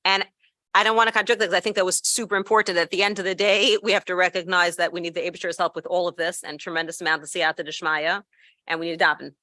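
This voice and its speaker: A woman speaking at an educators' gathering, telling a story in a conversational teaching style with quick asides and self-corrections. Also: fairly low pitch, level tone, sharp tone, no echo.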